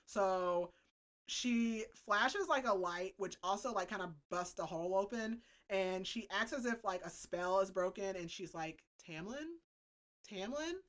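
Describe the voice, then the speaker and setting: A young woman co-hosting a podcast, recapping a novel in casual chat, animated and filling her talk with "like" and "um". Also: medium pitch, a little slow. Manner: animated, full of "like" and "um". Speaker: podcast co-host.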